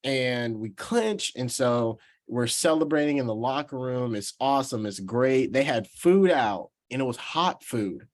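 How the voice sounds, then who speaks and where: Animated young man telling a story. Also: mid-range voice, a little slow, few pauses. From Georgia, USA. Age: 20s. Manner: animated storyteller who laughs and restarts sentences. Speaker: professional baseball player guest. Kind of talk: casual storytelling interview.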